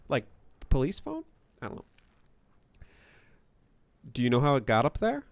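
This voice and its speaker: A man's voice: a little high, sing-song, measured pace, creaky, long pauses, a bit bright, no room sound. A young man streaming a game, reading its text aloud with amused asides. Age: young adult. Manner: amused, reads text out then reacts.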